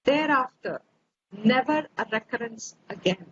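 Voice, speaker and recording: Lady teaching vedanta on a video call, high voice, slow and repeats herself, dull audio w faint hiss. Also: expressive. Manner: slow, reflective, repeats phrases. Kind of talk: spiritual lecture over video call.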